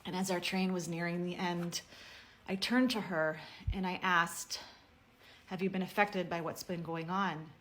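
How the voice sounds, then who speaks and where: A woman telling a personal story in a heartfelt message to camera, speaking earnestly and at a measured pace. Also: on the low side, fairly even intonation, a bit bright, a little hiss or hum.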